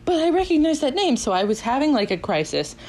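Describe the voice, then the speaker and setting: A woman in her twenties casually telling a story on a podcast, animated, laughing often and acting out what people said. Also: sits high, quick pace, a little hiss or hum, low-quality recording. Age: 20s.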